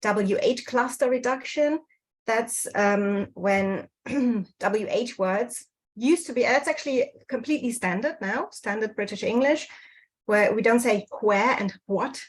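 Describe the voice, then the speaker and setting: A woman's voice: a little high, unhurried, poor audio. Hesitant woman giving an online slide talk. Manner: hesitant, many fillers and restarts. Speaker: speaker presenting on dialect history. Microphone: video call.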